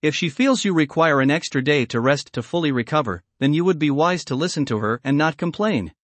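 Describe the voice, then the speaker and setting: A man's voice: on the high side, lively intonation, fairly quick, fairly bright tone, dry recording. A man voicing a stern, formal teenage boy who lectures his friends by the rules.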